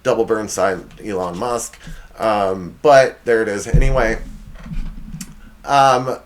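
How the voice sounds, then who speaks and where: A man in his forties hosting a comedy podcast, roasting things with loud mock outrage and dropping into quiet sincerity, a bit out of breath. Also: lowish voice, fairly even intonation, slow pace, a little hiss or hum. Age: 40s. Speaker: podcast host.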